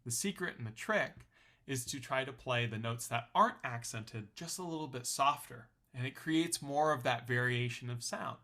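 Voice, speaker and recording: A man's voice: mid-range voice, moderate pace, pushed and bright. A young man teaching a ukulele lesson in a friendly, explanatory way, counting beats aloud. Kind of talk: online music lesson.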